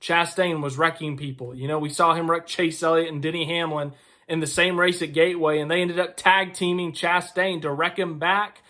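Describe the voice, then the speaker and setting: High-voiced man giving opinionated racing takes. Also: steady tone, normal speed, bright, forceful tone. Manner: opinionated, conversational, rambling asides. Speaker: racing commentator. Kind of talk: casual video commentary.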